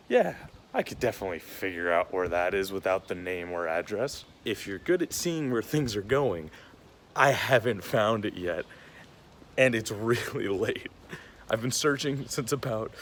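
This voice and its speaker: A young man vlogging while walking around a city, chatty and self-mocking as he talks to a handheld camera. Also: lowish voice. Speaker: travel vlogger. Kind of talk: casual vlog to camera.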